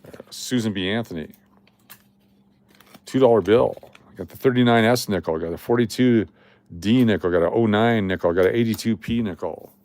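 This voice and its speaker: A man's voice: fairly low pitch, normal speed, darkish tone, no echo. A middle-aged man from Las Vegas hosting a casual coin live stream, chatting and reading viewer comments aloud. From Las Vegas, Nevada. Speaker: livestream host running coin giveaways.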